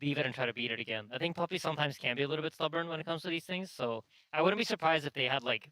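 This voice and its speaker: A man analysing esports drafts in a measured, analytical way. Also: a little high, bright, forceful tone, no room sound, poor audio. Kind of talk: panel analysis.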